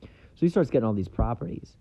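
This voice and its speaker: A young man hosting a solo podcast in casual rambling chat, swearing freely and filling pauses with lots of ums. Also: mid-range voice, animated, mellow. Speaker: podcast host. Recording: dull lo-fi sound.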